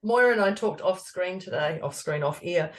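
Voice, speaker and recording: A middle-aged woman co-hosting a motivational podcast, chatty and expressive, telling personal stories and laughing often. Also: lowish voice, normal speed. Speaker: podcast co-host, stress coach. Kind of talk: casual motivational chat.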